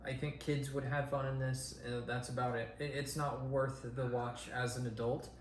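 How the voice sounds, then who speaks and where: A man's voice: medium pitch, flat delivery, moderate pace. Man reviewing a movie in an echoey room. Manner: rambling, many ums and restarts. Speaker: podcast co-host. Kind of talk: casual movie review chat. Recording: echoey room with faint hiss.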